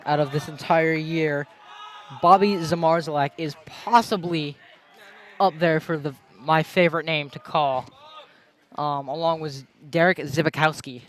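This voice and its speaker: A young man doing play-by-play for a high school baseball game outdoors, chatty and going off on tangents between pitches. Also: steady tone, a little slow, fairly bright tone. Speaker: play-by-play announcer.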